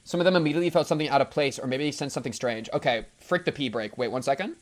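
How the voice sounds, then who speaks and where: Excitable young man reading a visual novel. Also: medium pitch, racing. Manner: excitable, slangy, breaks off narration to joke. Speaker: streamer.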